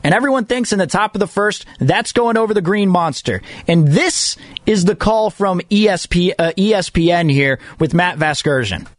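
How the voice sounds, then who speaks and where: A man hosting sports talk radio in a slightly high voice, excitable and quick to poke fun at himself. He repeats phrases as he goes, and the sound is dry and close. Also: no echo.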